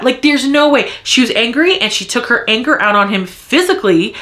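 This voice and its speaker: Heated woman ranting, bright tense voice. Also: fairly high pitch, lively intonation, fairly quick. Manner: heated ranting, frequent swearing; repeats lines for emphasis. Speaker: book reviewer. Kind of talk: casual vlog book review.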